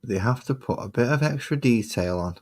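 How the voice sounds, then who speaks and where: A man's voice: mid-range voice, expressive, brisk. A man streaming his miniature painting, chatting casually and muttering sarcastic asides to himself as he works. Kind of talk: casual chat while painting.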